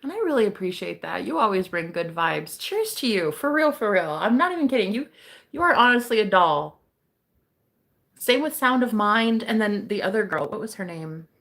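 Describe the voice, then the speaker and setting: A woman's voice: medium pitch, very animated, moderate pace, vocal fry, fairly bright tone. A young woman hosting a casual livestream as a psychic reader. She chats with viewers, laughs often and swears casually.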